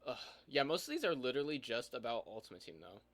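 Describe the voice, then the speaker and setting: A man's voice: mid-range voice, very animated, quick pace, a bit bright. A young man chatting casually with a friend, reading game reviews aloud and laughing through them. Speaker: YouTuber co-host.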